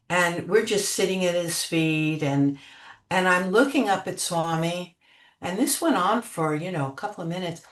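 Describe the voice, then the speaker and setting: An older woman telling spiritual memories as an interview guest, gentle and unhurried, trailing off with many fillers. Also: fairly low pitch. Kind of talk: reflective spiritual storytelling. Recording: echoey room.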